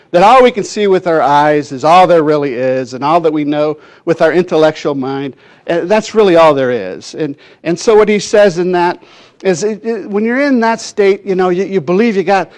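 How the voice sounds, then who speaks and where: Man, minister, fairly high voice, sermon, folksy storytelling, fillers. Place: church.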